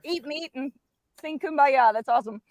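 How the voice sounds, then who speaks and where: A woman coach chatting on a live video call, telling animated stories with playful asides. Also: high-pitched, moderate pace, no echo. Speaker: carnivore diet coach. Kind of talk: casual live-stream chat.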